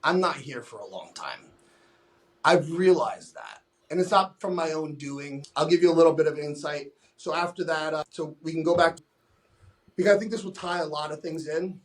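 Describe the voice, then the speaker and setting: A man's voice: fairly high pitch, moderate pace. A young adult man, a podcast guest, telling his own story candidly in a blunt, profane way, often restarting his sentences.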